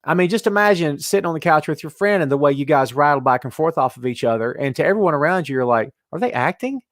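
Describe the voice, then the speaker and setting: A man hosting a casual wrestling talk show, animated and chatty, reading out listener comments. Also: fairly high pitch, fast talker, no room sound, clean studio sound. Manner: animated, reads out chat comments. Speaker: podcast host.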